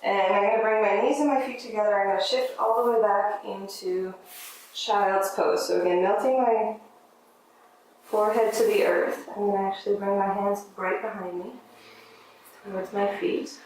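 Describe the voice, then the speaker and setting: Woman yoga teacher with gentle, encouraging cues, mid-pitched, heard from a distance in a very echoey room with faint room noise. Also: steady tone, moderate pace. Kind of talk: guided yoga class instruction.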